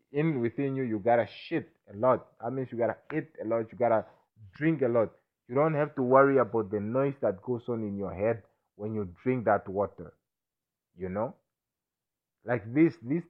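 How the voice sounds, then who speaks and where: In a self-recorded monologue, a drunk man with a mid-range voice rambles, stammers, starts over, and keeps asking if you understand him. The audio sounds tinny, like a phone.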